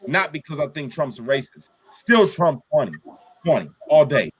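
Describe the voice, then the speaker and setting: A furious man sounding off as host of a casual political chat. He swears freely and rants in a slightly high voice. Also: expressive, normal speed, slightly rough. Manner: swearing, worked up and ranting. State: angry. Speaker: show host.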